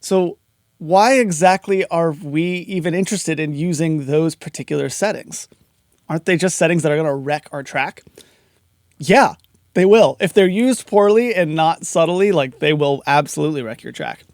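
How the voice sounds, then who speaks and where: Guy explaining compressor settings casually step by step, kinda high voice, gravelly, dry sound. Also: normal speed, no echo. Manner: casual, explanatory, talks through each step. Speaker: audio mixing instructor. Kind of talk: screen-recorded tutorial explanation.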